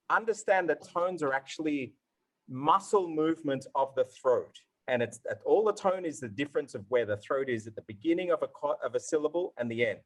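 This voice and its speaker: A man's voice: fairly high pitch, poor audio. A man teaching pronunciation in a live question-and-answer session, enthusiastic and demonstrative, sounding out syllables to show how tones work. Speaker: Mandarin tone instructor answering questions. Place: online event session.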